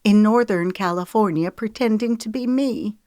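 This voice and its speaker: A woman's voice: medium pitch, normal speed, mellow, dry recording, studio quality, voice pushed up, natural voice. A woman doing a candid young singer.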